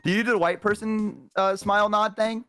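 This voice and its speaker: A young woman streamer with a Southern US accent, chatting casually and laughing, animated and teasing. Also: medium pitch, moderate pace, soft background music.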